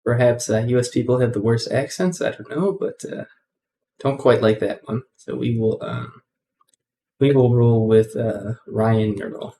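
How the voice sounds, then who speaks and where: A man's voice: mid-range voice, measured pace, warm tone, slight background noise. A man hosting a casual coding tutorial, rambling with many ums and self-corrections.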